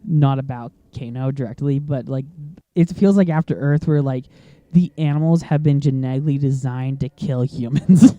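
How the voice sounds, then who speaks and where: A man's voice: medium pitch, moderate pace, dark tone, no echo, dull audio. A man commentating casually over a video game he plays, rambling through tangents with many fillers and frequent laughs. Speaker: gaming commentator. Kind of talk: casual let's play commentary. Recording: faint game music behind.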